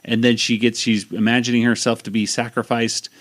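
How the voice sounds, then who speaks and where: A man's voice: mid-range voice, flat delivery, a little fast. A man hosting a podcast, casually recapping a cartoon episode in a rambling way with lots of fillers and restarts. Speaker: podcast host.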